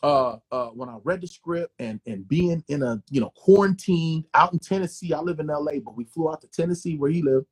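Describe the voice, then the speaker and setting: Actor guest, male, quick and husky, slightly high voice, lively profane storyteller. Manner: animated, profane, repeats words. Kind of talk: casual interview storytelling.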